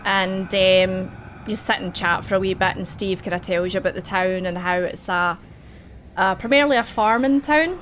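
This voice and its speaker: A woman's voice: mid-range voice, moderate pace, fairly bright tone, slight background noise. A woman narrating a tabletop game as game master, chatty and giggly.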